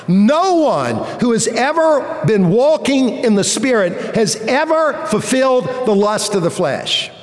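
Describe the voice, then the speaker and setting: A man's voice: high voice, big-room sound. A man preaching a sermon to a large congregation, teaching emphatically and firing rhetorical questions at the listeners. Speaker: pastor. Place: large church sanctuary.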